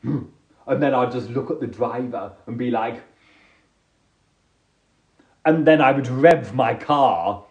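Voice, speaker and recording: A man's voice: medium pitch, takes it slowly, long pauses, a little mellow, muffled recording. A man riffing in a casual, jokey, self-deprecating monologue on a live stream. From England. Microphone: phone or webcam on a live stream.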